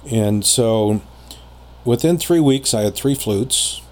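A man telling a personal story in casual conversation as a podcast guest, rambling with many pauses and fillers. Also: mid-range voice, darkish tone.

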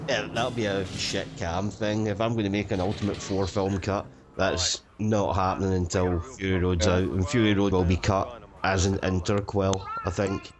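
A man's voice: sits low, level tone, normal speed, few pauses. A man rambling casually in a film commentary chat and swearing along the way. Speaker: commentary co-host.

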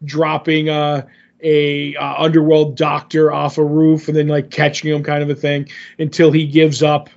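A man's voice: on the high side, completely flat delivery, normal speed, vocal fry, a little mellow. Rambling man recapping comics, lo-fi. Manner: rambling recap with many fillers, acts out quotes. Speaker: podcast co-host recapping comics. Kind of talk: casual chat. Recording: dull lo-fi audio.

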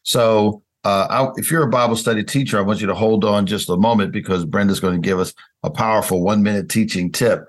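A man's voice: fairly low pitch, steady tone, fairly quick, hardly any pauses. A man hosting a conversational Bible study lesson, speaking unhurriedly with frequent fillers and restarts.

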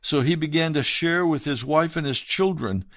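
Earnest male pastor preaching in a dry room. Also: no room sound. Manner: earnest, measured preaching, dropping soft and low for emphasis. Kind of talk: sermon reading and preaching.

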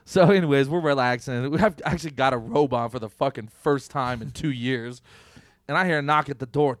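A man's voice: mid-range voice, brisk. A young man co-hosting a casual podcast, telling a long story with lots of swearing and acting out his own thoughts. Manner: animated storyteller, swears freely, acts out quoted thoughts. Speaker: podcast co-host.

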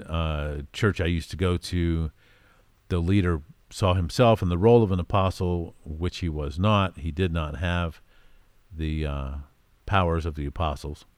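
Male Bible teacher, very low voice, dry close sound, chatty delivery with lots of fillers. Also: dry recording. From United States. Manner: conversational, frequent fillers, reads verses aloud with emphasis.

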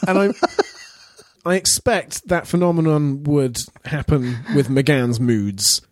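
A man with a fairly high voice who weighs his words and talks in careful, hedged phrases. His remarks carry a dry wit. The sound is dry and close to the mic. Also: takes it slowly, no echo. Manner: thoughtful, hedging, dry wit. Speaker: podcast co-host. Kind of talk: casual review chat.

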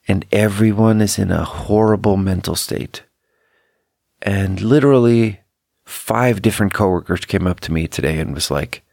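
Low gravelly man musing aloud. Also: a little mellow, no room sound, clean studio sound. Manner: rambling, introspective, self-critical. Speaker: podcast host; team manager. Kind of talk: solo podcast monologue. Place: indoors at home by an open window.

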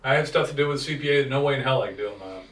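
A man's voice: medium pitch, rapid-fire, fairly bright tone, recorded from a distance. Blunt, profane man in an echoey room. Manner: blunt, profane, rambling storyteller. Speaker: podcast co-host, digital marketing business owner. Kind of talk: casual podcast chat.

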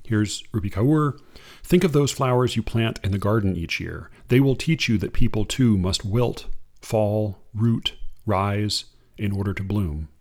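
A man commenting on poetry, reading quotes aloud in a measured, hesitant way. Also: lowish voice, darkish tone. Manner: measured, hesitant, restarts often.

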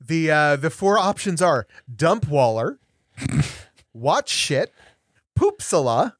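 A man hosting a word quiz on a casual podcast, playful and reading out each option slowly. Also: fairly high pitch, big pitch swings, no room sound, clean studio sound.

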